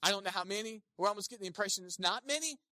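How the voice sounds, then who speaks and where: A pastor preaching a sermon, animated, swinging between loud emphasis and quiet asides, and acting out the people quoted. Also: medium pitch, rapid-fire, no room sound, studio quality. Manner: acts out quoted speakers in playful voices.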